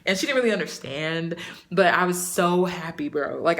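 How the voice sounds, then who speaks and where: A young woman talking casually to camera about her hair care, chatty and animated, with many fillers. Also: fairly low pitch, fairly quick. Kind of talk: casual vlog talk to camera.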